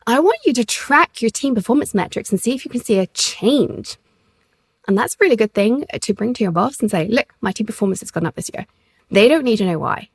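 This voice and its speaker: A woman's voice: a little high, animated, fairly quick, slightly rough, no echo. Woman podcast host, leadership coach; direct, emphatic, encouraging; close, dry mic. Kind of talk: solo podcast coaching talk.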